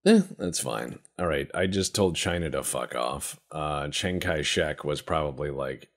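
A gameplay commentator with a rumbling low voice and a measured pace rambles through a strategy game, joking and swearing as he plays. It's let's-play commentary.

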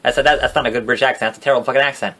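A man giving casual gameplay commentary as a let's play gamer, joking around, getting excitable and swearing freely. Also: mid-range voice, racing.

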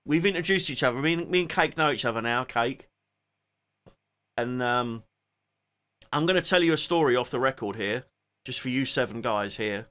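A man with a Cockney accent, sitting at home hosting a relaxed music live stream and chatting loosely as he thanks viewers by name. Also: mid-range voice, normal speed, long pauses, smooth. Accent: Cockney English. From England. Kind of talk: casual live-stream chat.

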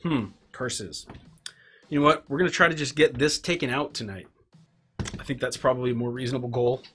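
A man's voice: medium pitch, brisk, fairly bright tone. Guy rambling through a live stream at his workbench, jokey and distracted, faint hiss behind. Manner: rambling, self-mocking, talks to himself while tinkering. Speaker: livestream host. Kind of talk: casual live-stream chat while working. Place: home workbench.

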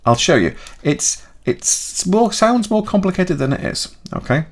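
A man talking through a software tutorial in a chatty way, thinking aloud and correcting himself as he goes. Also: sits high, sing-song, a little slow. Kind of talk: screen-recorded software tutorial.

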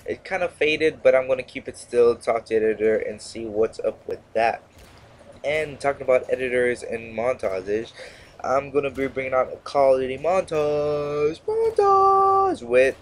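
A man's voice: medium pitch, moderate pace, a little mellow. Rambling, sarcastic young male gamer. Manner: rambling, sarcastic, self-interrupting. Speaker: gaming commentator. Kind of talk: casual gameplay commentary.

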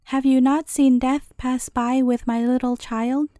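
A woman's voice: high voice, little pitch movement, a little slow, mellow, dry recording, studio quality. A woman voicing a grieving mother who pleads for her lost child in a storybook reading. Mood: sorrowful. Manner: sorrowful, pleading.

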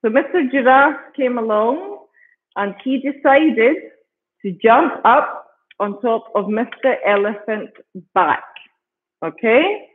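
British male storytelling teacher for kids, high voice, unhurried and patient, tinny video call sound. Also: lively intonation. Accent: British English. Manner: patient, repeats words and keeps checking with "okay?". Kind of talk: storytelling lesson for children.

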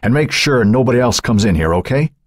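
A brusque police chief, as a narrator voices him barks clipped orders and sharp questions. His voice is husky and dry, the delivery firm and impatient. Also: mid-range voice, expressive, fairly quick, no echo, voice pushed up, close to an everyday voice. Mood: commanding.

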